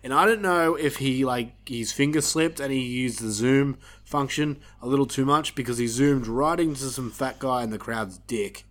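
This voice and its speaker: A man's voice: medium pitch, normal speed, hardly any pauses. A man co-hosting a podcast, reviewing wrestling matches in a casual, sarcastic, swearing chat. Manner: animated, sarcastic, swears, laughs often. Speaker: podcast co-host.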